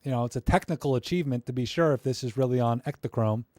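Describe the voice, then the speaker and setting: A young man chats loosely through viewers' photos on a casual live stream, joking and veering into rants. His mid-range voice is quick and a little mellow, and it sounds close and dry, with no echo or room around it.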